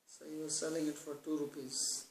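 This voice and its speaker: A man giving a scripture talk, explaining terms slowly and then telling joking stories. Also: a little high, little pitch movement. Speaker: spiritual teacher. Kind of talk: scripture discourse with humorous stories. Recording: echoey room.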